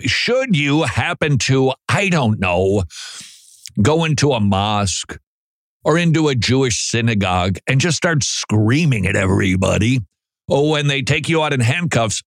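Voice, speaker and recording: A man's voice: mid-range voice, no echo, studio quality. A man from Minnesota hosting a talk radio show, sarcastic and mocking, stumbling over repeated words.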